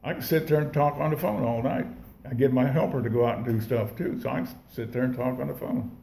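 Talking fast in a creaky, darkish mid-range voice, a man shares how he recovered, addressing an audience casually. His telling wanders, swears, sounds folksy and keeps restarting. There's slight background noise and an echoey room.

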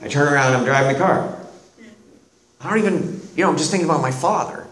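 A middle-aged man, a guest on the show, telling a personal story in a halting way, with many restarts and quiet pauses. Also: on the high side, a crowd in the background. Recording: roomy echo.

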